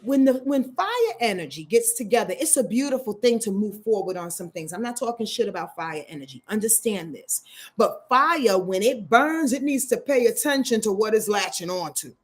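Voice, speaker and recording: A woman hosting a casual astrology livestream. She talks in a slangy, animated way, laughs often, clears her throat, and mentions a sore back. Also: medium pitch, moderate pace. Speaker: astrology channel host.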